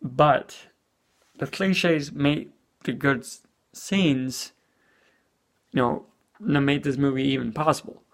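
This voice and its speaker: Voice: medium pitch, takes it slowly, pauses often. A speaker giving a casual spoken movie review as an exasperated rant, full of "you know" and swearing.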